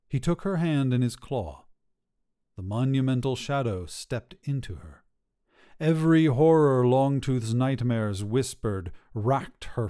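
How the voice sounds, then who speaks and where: A man narrating a dark fairy tale in a slow, hushed storybook telling. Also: mid-range voice.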